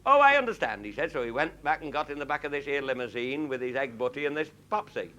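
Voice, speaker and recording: A man's voice: mid-range voice, fast talker, a bit bright, dull audio, a little hiss or hum. A man telling a comic story to a live audience in a blunt, earthy, chuckling way. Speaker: comic raconteur. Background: audience laughing.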